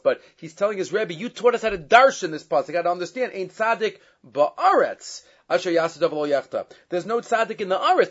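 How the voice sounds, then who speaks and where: A man teaching a Torah lesson, reading Hebrew and Aramaic texts and translating them, with many fillers and lively stretches when he retells a story. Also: on the high side. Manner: grows loud and animated when retelling the story. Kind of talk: Torah class lecture. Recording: dull lo-fi sound.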